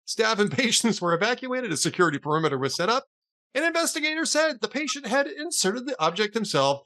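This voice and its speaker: A man's voice: very high-pitched, big pitch swings, quick pace, bright, forceful tone. A man hosting a casual political talk show, chatty and often laughing at his own jokes. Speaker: podcast host.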